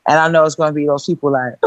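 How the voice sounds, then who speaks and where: A woman's voice: deep voice, no room sound, highs cut off. A woman, a singer and songwriter chatting animatedly in slangy street talk on a radio show. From Brooklyn, New York. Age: 30s. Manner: animated, slangy, lots of "you know what I'm saying". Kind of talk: casual radio interview chat.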